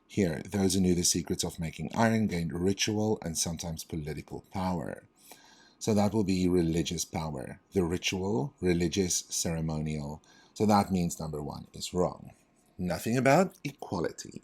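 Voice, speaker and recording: A man working through reading test questions aloud as a tutor, thinking out loud and correcting himself as he goes. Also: deep voice, moderate pace, slightly rough.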